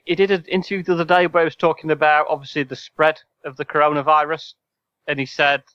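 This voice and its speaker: A man's voice: a little high, level tone, quick pace, fairly bright tone, clear, resonant tone, dry recording. A man co-hosting a casual podcast, running a quiz with dry sarcasm and rambling asides. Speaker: podcast co-host and quizmaster. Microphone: video call. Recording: slightly dull call audio.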